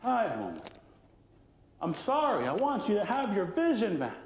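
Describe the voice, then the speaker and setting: A man voicing Raven, a sly, greedy male trickster from a told legend, bragging and coaxing in drawn-out, wheedling tones. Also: sits high, wildly swooping pitch, a little hiss or hum, voice pushed up. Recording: echoey lecture room.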